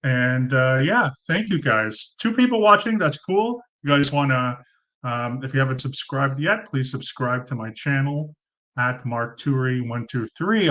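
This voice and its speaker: This thirties male livestream host has a medium-pitched, slightly bright voice and a rough-sounding recording from a cheap desk mic. Sitting in a fluorescent-lit room at home, he runs a casual live Q&A, rambling with lots of ums and uhs and thanking viewers by name.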